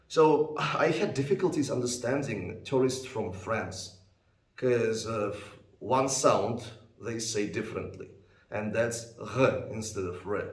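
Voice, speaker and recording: A man's voice: mid-range voice, reverberant. A man teaching English test preparation, explaining with patient, plain speech and repeating example words. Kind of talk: explanatory lesson.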